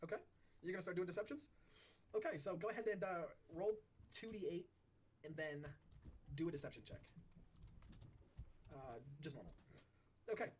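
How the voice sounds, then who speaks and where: A man's voice: sits high, normal speed, pauses often, slight background noise. Young man running a tabletop game. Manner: lively, swearing, voices pirate NPCs. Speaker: game master.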